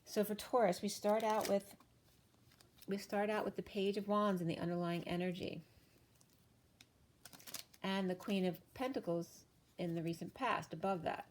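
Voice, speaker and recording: A woman doing a casual tarot card reading, chatty and thinking aloud with fillers and self-corrections, her voice a little hoarse. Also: mid-range voice, steady tone, moderate pace, long pauses, slight background noise. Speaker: tarot reader.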